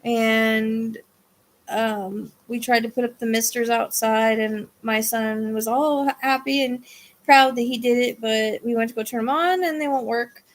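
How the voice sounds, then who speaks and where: A woman's voice: a little high, steady tone, a little slow. A woman hosting a psychic livestream, chatting with her viewers in a casual way. She sounds tired and drained, and she rambles, restarts her sentences and trails off.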